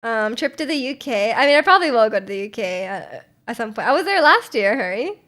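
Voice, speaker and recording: Young woman, livestreamer, casual rambling chat, frequent laughs, fairly high voice, home desk mic. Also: big pitch swings, a little fast, fairly bright tone. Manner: rambling and chatty, laughs often, answers chat.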